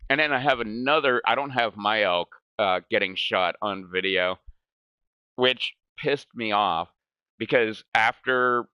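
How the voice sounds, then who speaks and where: A man's voice: on the low side, unhurried, smooth, no room sound, dull audio. A man hosting a gaming channel, telling a story in casual chat. He rambles, swears a lot and keeps saying "like". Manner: rambling, profane, fills speech with "like".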